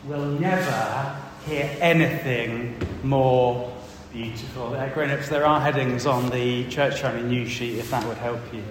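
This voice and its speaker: A man leading a lively church family talk, quizzing the children and reading from the Bible. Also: mid-range voice, unhurried, slight background noise. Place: large echoey church hall. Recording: echoey hall, distant mic.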